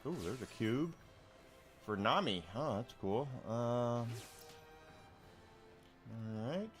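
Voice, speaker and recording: A man's voice: medium pitch, lively intonation, takes it slowly, soft background music. A man streaming a video game, chatting casually with viewers and commenting on what he finds. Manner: chatty, talks to chat readers between game remarks.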